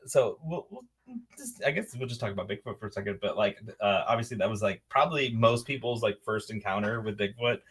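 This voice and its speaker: A young man co-hosting a casual podcast chat, laughing often and quoting movie lines in a squeaky put-on voice. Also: expressive, a little fast, fairly bright tone, breathy edge. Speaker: podcast co-host.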